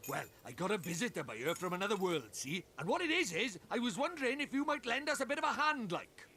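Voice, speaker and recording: A man's voice: sits high, big pitch swings, fast talker, sharp tone, slight background noise, full character voice. An actor voicing a cheeky, chatty little male fairy sidekick in a game.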